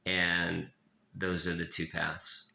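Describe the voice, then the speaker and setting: Deep gravelly man in an echoey room. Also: monotone, pushed and bright. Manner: blunt, profane, halting with many restarts. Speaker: author of a self-help memoir. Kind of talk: confessional monologue.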